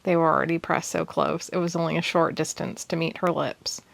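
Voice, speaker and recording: A woman reads a cozy fantasy story aloud in a steady, unhurried narration. Her voice sits low and carries a gravelly edge. The recording is dry and close, with no room sound. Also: dry recording. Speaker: audiobook reader.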